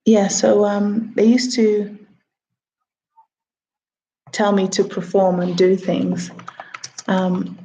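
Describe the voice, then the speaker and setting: A woman's voice: medium pitch, little pitch movement, drawn-out words, pauses often, mellow, slight background noise, rough recording. A woman in her thirties, a TV producer, chatting casually on a livestream, answering her own questions and greeting viewers. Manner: chatty, talks to herself and viewers.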